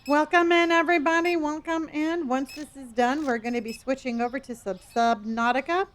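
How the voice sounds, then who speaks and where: A woman with a slightly high-pitched voice streams a game in a casual, chatty way. She keeps up playful, gently teasing commentary and thanks viewers by name, calling them honey and dear. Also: fairly even intonation, normal speed, slight background noise. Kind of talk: casual live-stream chat while playing.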